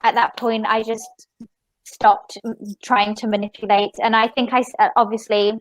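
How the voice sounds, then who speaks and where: A woman magician and podcast guest, telling a story in a rambling, animated way with many fillers and restarts. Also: on the high side, normal speed, dry recording, rough recording. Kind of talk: casual storytelling interview.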